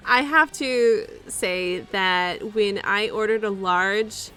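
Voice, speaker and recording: American woman, mid pitch, giggly chatty tone, faint music. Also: takes it slowly, a bit bright, clean tone. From United States. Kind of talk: casual chat.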